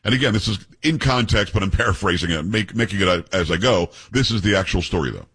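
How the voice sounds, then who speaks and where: A talk radio host delivers an opinionated monologue, telling stories with emphasis and firing off rhetorical questions. His low, husky voice has a fairly bright tone, and he talks fast and animatedly.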